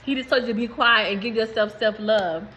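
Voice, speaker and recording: A woman's voice: on the high side, fairly quick, sharp tone, a little hiss or hum, rough recording. A woman in giving a rambling, emphatic spiritual message to viewers, swearing freely. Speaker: spiritual reader.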